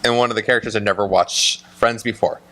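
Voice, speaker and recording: Animated rambling podcast man. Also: on the low side, quick pace. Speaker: podcast co-host. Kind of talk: casual chat.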